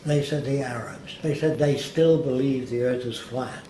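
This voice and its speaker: Speaking at a moderate pace in a medium pitch, this man is an interview guest spinning anecdotes and voicing the people he quotes with lively energy. There's a faint hiss and an echo from the room.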